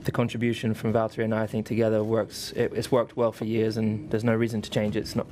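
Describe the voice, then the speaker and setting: A racing driver giving earnest, enthusiastic answers at a press conference, often repeating words. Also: male voice, on the low side, completely flat delivery, fast, darkish tone, slight background noise.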